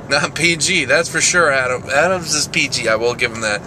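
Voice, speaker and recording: A man's voice: mid-range voice, a little fast, hardly any pauses, noisy background. A young man vlogging casually, joking, rambling and making fun of himself. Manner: joking, rambling, self-mocking. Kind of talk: casual vlog.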